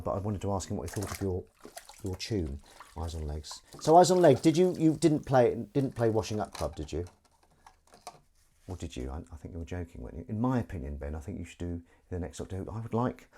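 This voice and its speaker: A man's voice: sits low, lively intonation, brisk, mellow, a little hiss or hum. Rambling man chatting while washing up. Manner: rambling, self-deprecating, chatty. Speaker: live streamer and actor. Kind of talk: casual live-stream chat to viewers. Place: home kitchen, washing up while talking. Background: faint running water and dish clatter.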